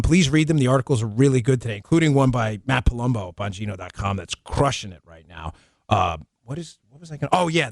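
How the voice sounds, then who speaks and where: New york guy hosting a talk show, animated and sarcastic, dry studio mic. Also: medium pitch, vocal fry, no room sound. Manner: animated, sarcastic, rapid asides. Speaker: host. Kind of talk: political talk show banter.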